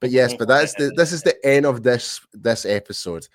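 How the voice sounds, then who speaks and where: A man's voice: mid-range voice, moderate pace, no room sound, clean studio sound. A man from the UK co-hosting a casual sports podcast, rambling with lots of restarts and fillers. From United Kingdom. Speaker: podcast co-host.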